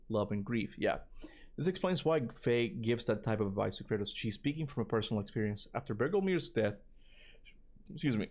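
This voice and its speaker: Casual man reading a theory on stream. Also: on the low side. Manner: stumbles over reading, breaks into casual asides; says "bro" and "you know" often. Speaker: gaming streamer. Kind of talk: livestream reading a fan theory aloud.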